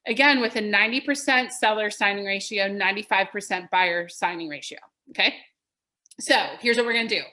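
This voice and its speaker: A woman's voice: a little high, bright, forceful tone. A woman coaching real estate agents in a webinar, upbeat and demonstrating script lines aloud.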